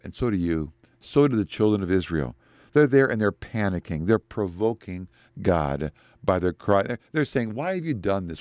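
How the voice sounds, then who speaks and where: Animated male preacher, lively pitch. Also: no echo. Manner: animated preaching, rises high when quoting scripture. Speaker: pastor. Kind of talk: sermon.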